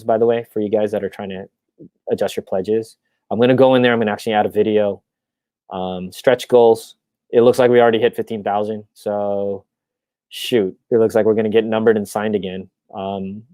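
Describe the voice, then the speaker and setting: On his own live stream, a man chats casually and with excitement, rambling through plenty of fillers and restarts. His voice runs lowish, and there's no room sound.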